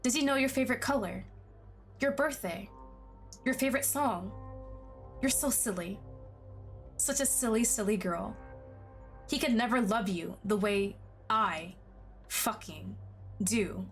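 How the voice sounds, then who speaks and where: A woman voicing an obsessive, possessive young man in a game, pleading and then turning menacing, her line endings sinking low and hushed. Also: unhurried, long pauses, soft background music, close to an everyday voice. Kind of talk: game dialogue read aloud.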